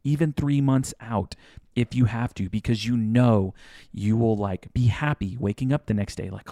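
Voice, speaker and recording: Mellow-voiced man on a wedding podcast. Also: mid-range voice, normal speed, no echo, clean studio sound. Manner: rambling, self-correcting, animated hypotheticals. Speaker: podcast co-host. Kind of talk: casual podcast chat.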